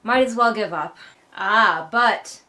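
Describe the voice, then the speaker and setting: A woman's voice: medium pitch, slow pace, pushed and bright. A woman hosting a casual book read-along, recapping chapters in a sarcastic, wry way and swearing casually.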